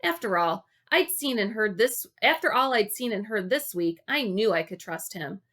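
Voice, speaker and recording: A woman reading a children's book aloud, telling the story in an expressive, unhurried way. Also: medium pitch. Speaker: reader.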